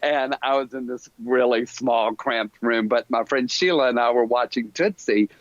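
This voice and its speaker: A middle-aged man, a podcast guest, telling animated stories in a casual interview and laughing often. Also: medium pitch, normal speed, no echo. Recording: dull lo-fi sound, dry.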